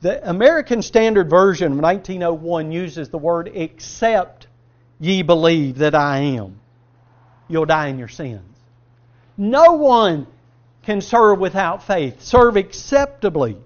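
A high-pitched male preacher delivers a sermon, throwing questions at the congregation and answering them himself. He swings between loud, stressed phrases and low, quiet asides. The recording is dull and lo-fi. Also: expressive, unhurried.

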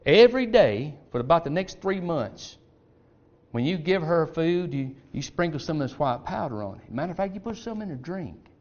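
A man's voice: fairly high pitch, very animated, normal speed, darkish tone. A man playing a scheming, confident father who gives instructions in a coaxing, confiding way, on a dull lo-fi recording. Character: scheming middle-aged father, sly and confident.

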